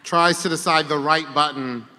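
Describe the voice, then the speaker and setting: A man playing a tabletop game live on stage, joking quickly between moves. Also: on the high side, fairly even intonation, bright, forceful tone. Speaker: player. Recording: live theater stage reverb.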